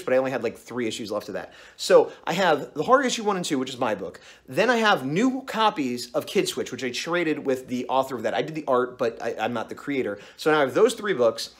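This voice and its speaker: A man's voice: mid-range voice, a bit bright. A man casually telling a long story on his vlog, rambling and acting out the other voices in it. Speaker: comic artist vlogger.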